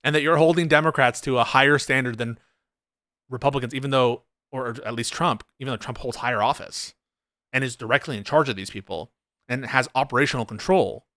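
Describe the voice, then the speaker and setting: A man's voice: medium pitch, brisk, a bit bright, no room sound, clean studio sound. A man giving sarcastic, argumentative commentary on political clips, laughing at them as he goes. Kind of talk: casual reaction commentary.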